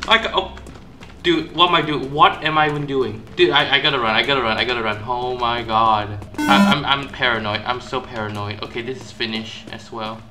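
A man doing gameplay commentary, panicky and self-mocking, repeating words in nervous bursts and shrieking high when caught. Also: steady tone, fairly quick, few pauses, over music. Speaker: gaming YouTuber.

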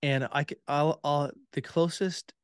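A man in a casual podcast chat, telling stories in a relaxed way with many fillers. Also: on the high side, unhurried, clean tone, no room sound, clean studio sound. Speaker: podcast guest, tour guide.

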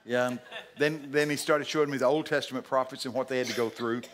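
Older male preacher, folksy storyteller, bursts up high and loud for emphasis. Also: fairly even intonation, fast. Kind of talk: sermon. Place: church sanctuary.

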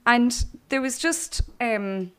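A woman's voice: fairly high pitch, expressive, takes it slowly, smooth. A middle-aged Irish woman giving an earnest church testimony, speaking directly to young people. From Ireland.

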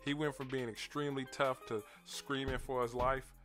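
A man's voice: medium pitch, little pitch movement, normal speed, fairly bright tone. Man, casual commentary host, laughing and laid-back, faint music behind. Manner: laid-back, laughing, repeats words, addresses viewers directly.

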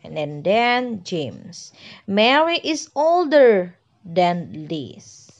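A woman's voice: on the low side, big pitch swings, very slow. A woman with an Indonesian accent teaching a grammar lesson, explaining patiently and repeating herself, often checking with "okay" and "yeah". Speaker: English teacher. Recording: dull lo-fi recording.

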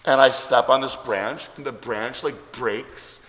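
Bright-voiced man rambling through a story. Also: medium pitch, steady tone, a little slow. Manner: rambling, lots of likes and ums. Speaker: vlog host. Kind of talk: casual storytelling. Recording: echoey room with long reverb.

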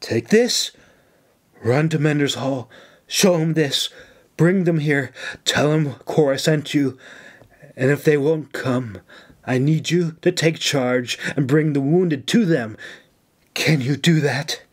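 A firm, protective woman leader gives orders in a raised, steady voice, as a male narrator puts her on. She speaks with calm authority. The delivery is unhurried and deliberate. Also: on the high side. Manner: firm, commanding.

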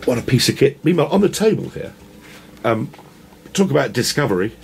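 A man's voice: mid-range voice, big pitch swings, a little fast, creaky, slight background noise. A man presenting a rambling, enthusiastic walk-around tour of a shop. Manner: enthusiastic, rambling, self-deprecating. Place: indoor shop.

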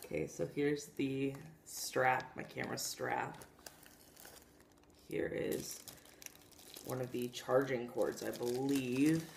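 A young woman chatting casually in a home vlog, gushing with excitement as she talks to the camera. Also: extremely low pitch, gravelly, a little hiss or hum. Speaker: vlogger. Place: home, indoors.

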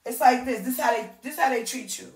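A woman's voice: fairly high pitch, a little fast, slightly rough. A woman hosting a podcast, ranting in a rambling, profane monologue and mimicking other people in a raised voice. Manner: heavy cursing, animated, mimics others in raised voice. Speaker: podcast host.

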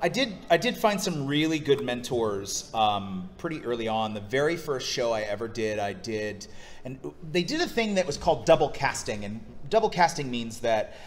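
A man's voice: medium pitch, moderate pace, slight background noise. A man, a voice actor, telling stories at a convention panel and slipping into impressions. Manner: animated storyteller, slips into impressions. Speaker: voice actor guest.

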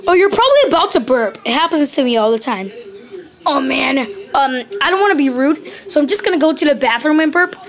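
A woman's voice: high-pitched, animated, brisk. A woman voicing a goofy plush Bert puppet, a grown male who keeps burping, fumbling through ums and restarts.

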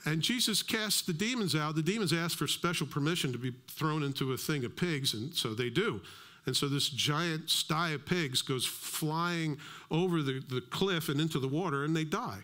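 Animated male pastor preaching. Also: a little high, moderate pace. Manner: animated storytelling, acts out dialogue. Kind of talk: sermon.

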